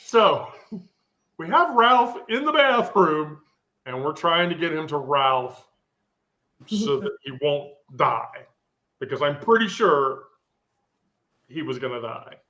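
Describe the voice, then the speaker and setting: Woman, live-stream host, casual storytelling, profane asides, unhurried, bright tone. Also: low voice. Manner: rambling, animated and profane, with asides.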